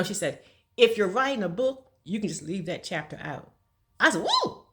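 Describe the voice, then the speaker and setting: A woman's voice: high-pitched, a bit bright. A middle-aged woman telling a casual, folksy story in a vlog, laughing often between lines. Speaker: vlogger.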